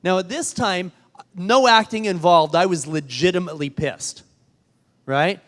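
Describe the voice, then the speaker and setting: A man's voice: high-pitched, a little slow. A man giving a storytelling keynote speech, earnest and emphatic, often repeating words as he restarts a thought. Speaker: keynote speaker. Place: large event hall. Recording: long hall reverb.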